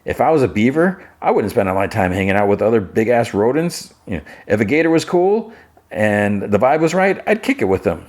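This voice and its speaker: An uptight, blunt young man, as a narrator puts him on, insistent and lecturing. The voice is pitched a bit above the narrator's own. It stays firm and pushy. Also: sing-song, brisk, a little mellow.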